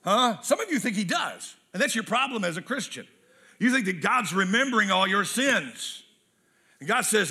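A male pastor delivers a sermon in a high, bright, forceful voice. He is lively and humorous, slipping into character voices for quotes and hammering key phrases by repeating them. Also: moderate pace, breathy edge.

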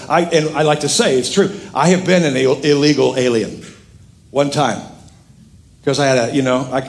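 A man's voice: mid-range voice, slight background noise. A middle-aged male pastor preaching a sermon, telling a story with jokes and acting out the other people's lines. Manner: animated, jokey storytelling with quoted voices.

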